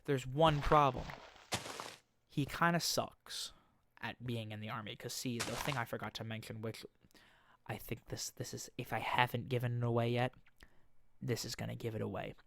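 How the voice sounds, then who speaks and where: Young male gaming vlogger, mid-pitched, rambling and jokey, noisy home recording. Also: steady tone, vocal fry, fairly bright tone. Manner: rambling, joking storytelling with quick mock voices. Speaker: gaming YouTuber. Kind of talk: casual game commentary.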